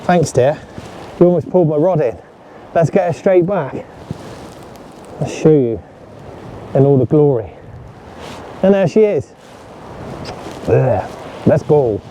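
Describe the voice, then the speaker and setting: Excitable man with a higher voice. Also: slow pace, long pauses. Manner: chatty, excitable, talks straight to viewers. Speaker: fishing vlogger. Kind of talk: casual chat to camera. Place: outdoors on a sandy shore at low tide. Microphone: camera set up on the beach. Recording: outdoor recording with loud surf noise. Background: waves and surf.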